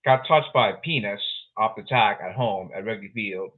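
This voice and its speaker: A man hosting his own podcast, talking through sports clips in a rambling, excitable way and repeating himself. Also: lowish voice, moderate pace, husky. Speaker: podcast host. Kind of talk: casual solo podcast commentary. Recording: tinny phone-like sound.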